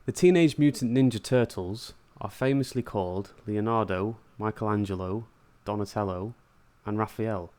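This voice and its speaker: A man with a lowish voice hosts a casual podcast quiz. He reads questions loosely and laughs along with the panel. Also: moderate pace, hardly any pauses, dark tone. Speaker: quiz host.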